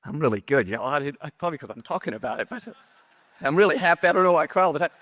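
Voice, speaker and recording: A tearful middle-aged pastor with a drawl talks in a slightly high voice, stopping and restarting as his voice cracks. His words ring out with a long reverb across a large hall. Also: lively intonation. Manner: halting and tearful, with many restarts and soft laughs. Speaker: pastor being interviewed. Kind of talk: emotional personal story on stage. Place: stage at a large pastors' gathering.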